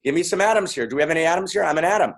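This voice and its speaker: Man, husky voice, fairly high pitch, playful, calls out to audience, live talk. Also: expressive, racing. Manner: playful, repetitive, calling out to the crowd. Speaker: speaker. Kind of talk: lively interactive talk with audience.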